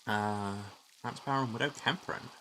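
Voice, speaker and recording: A man's voice: medium pitch, moderate pace, bright, forceful tone, slight background noise, poor audio. A man hosting a let's play, giving wry, muttered asides about the game as he plays. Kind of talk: game commentary.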